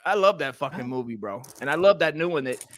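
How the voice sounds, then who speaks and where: A man's voice: on the high side, animated, fast, a bit bright. Rambling, cursing American guy. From United States. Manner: rambling, profane, trailing off mid-thought. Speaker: co-host. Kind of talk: casual comedy podcast chat.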